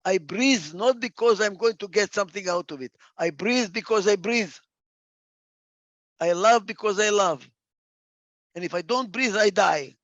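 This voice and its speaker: A man with a somewhat high, gravelly voice delivers a reflective talk, close and dry with no room sound. He hammers ideas home by repeating short phrases. Now and then he gropes for a word and restarts the sentence. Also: unhurried, long pauses, a bit bright, no echo, muffled recording. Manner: emphatic, repeats key phrases for stress; gets lost for a word and restarts. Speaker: speaker.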